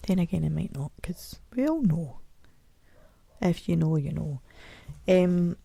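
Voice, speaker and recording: A woman's voice: on the low side, lively intonation, measured pace, vocal fry, dark tone, husky, dry recording. A middle-aged Scottish woman hosting a podcast alone, chatting in a rambling, self-mocking way. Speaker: podcast host. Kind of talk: casual solo podcast chat.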